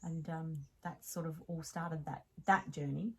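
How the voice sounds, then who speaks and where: A woman with an Australian accent, a podcast guest telling stories in casual chat, animated, laughing often and restarting sentences. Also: sits low, unhurried, slightly rough, rough recording.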